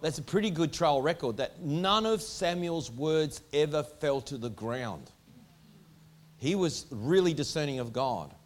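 A man's voice: a little high, lively intonation, unhurried. Emphatic male preacher asking rhetorical questions. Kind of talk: sermon. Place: church hall before a congregation.

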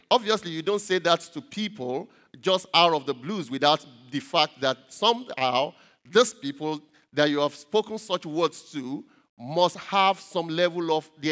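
A man preaching a sermon, halting with many repeated words and rising emphatically on key points. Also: fairly high pitch, a bit bright. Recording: long reverb.

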